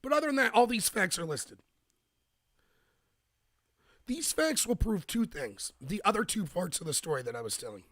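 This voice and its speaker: A man hosting a live-streamed political commentary show, talking emphatically with bursts of rapid speech and a slightly rough voice. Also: high-pitched, very animated, a bit bright, no room sound, clean studio sound.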